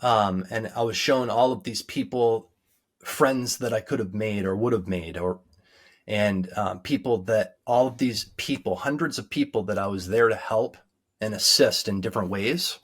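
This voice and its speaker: A man, a guest in an interview, telling a personal story in a sincere, halting way with many pauses and ums. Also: lowish voice. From United States. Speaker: guest recounting a near-death experience. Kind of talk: earnest personal testimony.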